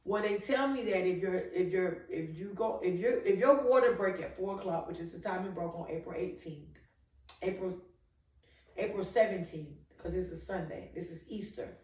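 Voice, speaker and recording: A woman's voice: on the low side, normal speed, a little mellow, far from the mic. A woman speaking a little away from the mic in a roomy, echoey space. She tells a candid personal story in an emphatic, chatty way. Her sentences often restart. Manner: emphatic, conversational, with frequent restarts and laughs. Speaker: vlogger telling her birth story.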